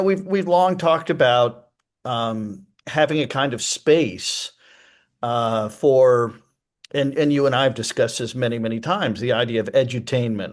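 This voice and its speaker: Thoughtful man guest, lots of ums. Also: mid-range voice. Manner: thoughtful, many fillers. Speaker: author and guest. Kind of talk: casual interview chat.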